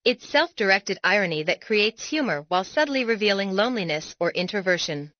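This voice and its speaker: A woman giving a scripted explanatory narration for an educational video, reading in a measured, deliberate way. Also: mid-range voice, lively intonation, no room sound, dull audio.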